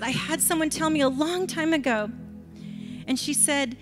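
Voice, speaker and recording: A woman's voice: high voice, moderate pace, music in the background. An older woman preaching an impassioned sermon in a church, repeating her lines and sometimes dropping to a whisper. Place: church sanctuary.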